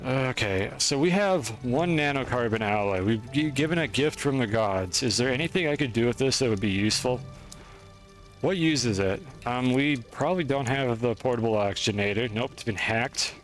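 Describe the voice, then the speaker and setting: A man's voice: mid-range voice, lively intonation, moderate pace, soft background music. A man streaming a game, chatting through his moves in a rambling, self-deprecating way. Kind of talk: gameplay commentary.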